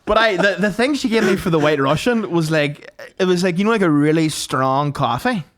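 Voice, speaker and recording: Young male co-host, sweary storyteller, lively pitch. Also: a little fast. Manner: sweary, animated storytelling with mocking quoted voices. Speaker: podcast co-host. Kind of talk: casual banter.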